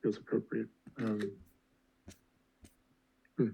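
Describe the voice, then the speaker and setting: A man in a reflective group discussion, speaking slowly and hesitantly with long pauses mid-sentence. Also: fairly low pitch, monotone, gravelly, dull audio, slight background noise.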